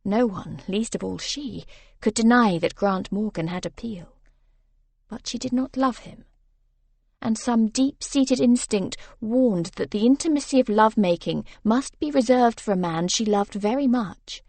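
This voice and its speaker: A woman reading a romance novel aloud as narrator, soft and even in her storytelling. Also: fairly high pitch, unhurried, dry recording. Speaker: audiobook narrator.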